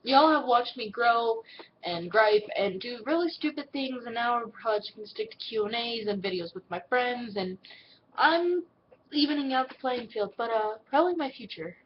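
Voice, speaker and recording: Blunt, cursing teenage girl with a high voice. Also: lo-fi sound, slight background noise. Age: teens. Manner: blunt and swearing, quotes people in put-on voices. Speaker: vlogger answering viewer questions. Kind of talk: casual Q and A vlog.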